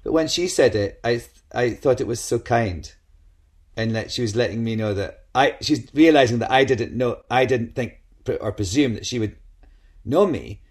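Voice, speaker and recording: A middle-aged man, chatting as a guest and telling lively anecdotes, often slipping into quoted voices. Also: medium pitch, moderate pace. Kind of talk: casual chat.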